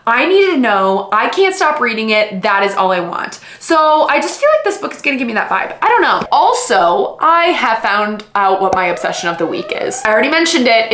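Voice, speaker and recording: Animated young woman chatting, echoey room. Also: fairly high pitch, slight background noise. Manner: animated, gushing, lots of fillers. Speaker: vlog host. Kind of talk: casual vlog chat.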